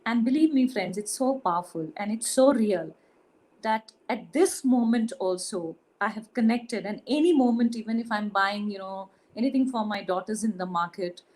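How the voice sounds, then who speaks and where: A woman with an Indian English accent giving an earnest, halting spiritual testimony, full of fillers and restarts. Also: medium pitch, a little mellow, rough recording. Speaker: spiritual retreat participant sharing testimony. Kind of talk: emotional personal testimony.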